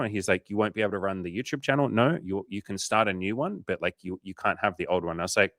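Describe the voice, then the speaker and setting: With a deep voice, a man talks fast and seldom pauses; the recording is dry and clean, studio grade. He's hosting a coaching livestream, answering viewers casually through lively stories thick with swearing and quoted lines he performs.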